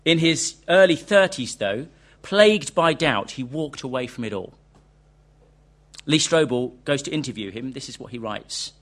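A man's voice: medium pitch, expressive, normal speed, a bit bright. A man preaching a sermon, earnest and questioning, reading a quoted interview aloud to his congregation.

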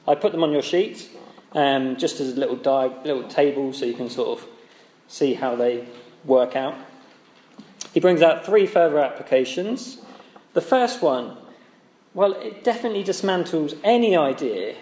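Conversational preacher in an echoey hall. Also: male voice, medium pitch, lively intonation, moderate pace, a little mellow. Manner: conversational, asks rhetorical tag questions. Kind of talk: sermon.

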